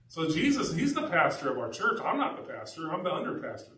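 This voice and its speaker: A man preaching a sermon as pastor, telling the story in a casual, animated way. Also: fairly high pitch, fast, few pauses. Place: church sanctuary. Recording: echoey church from a distance.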